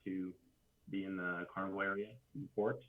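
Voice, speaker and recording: Low hesitant man on a tinny line. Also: flat delivery, a little fast. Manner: hesitant, lots of uh and um. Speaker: player. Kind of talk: casual game chat. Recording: tinny phone-like call audio.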